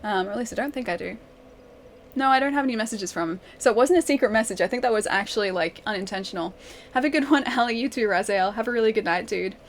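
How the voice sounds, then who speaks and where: Chatty, giggly woman streamer, higher voice. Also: lively intonation, fast talker, a little hiss or hum. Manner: chatty, giggly, reading and answering viewers' messages. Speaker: game streamer. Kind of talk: casual live-stream chat.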